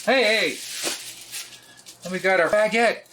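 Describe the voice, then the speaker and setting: A man, hosting a casual cooking vlog in a joking, often loud way. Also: high voice, measured pace, noisy background. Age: 60s. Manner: jokey, often laughs and raises his voice. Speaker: cooking video host.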